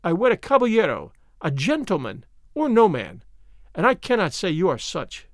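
A man's voice: sits high, wildly swooping pitch, normal speed, no echo, studio quality, voice pushed up, exaggerated voice. A man doing a fiery, indignant young lady. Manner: indignant, spirited. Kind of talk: audiobook character reading.

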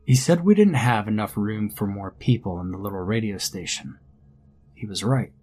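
Husky low-voiced male horror narrator. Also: animated, darkish tone. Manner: measured, grim storytelling. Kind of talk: scripted first-person horror story narration. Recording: faint background music under narration.

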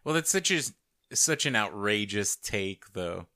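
A woman co-hosting a podcast, speaking slowly in casual chat and mostly giving short agreements. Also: sing-song, sharp tone, dry recording, studio quality. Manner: slow, low-key, mostly short agreements. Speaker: podcast co-host.

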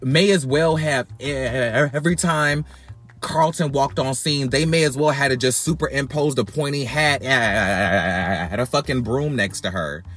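A man hosting a podcast, ranting bluntly and profanely about reality TV in a casual, animated way, often repeating words as he goes. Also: medium pitch, a little slow, faint music behind. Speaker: podcast host.

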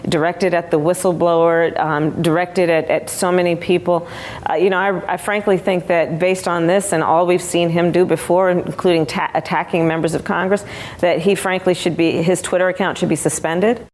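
Woman in an interview clip, lowish flat voice, halting answer. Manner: hesitant, restarts often.

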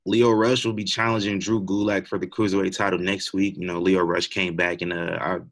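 A man's voice: low voice, flat delivery, a little fast, a bit bright. A young man co-hosting a podcast, chatting casually and rambling with lots of fillers and laughs. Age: young adult. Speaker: podcast co-host. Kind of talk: casual wrestling chat.

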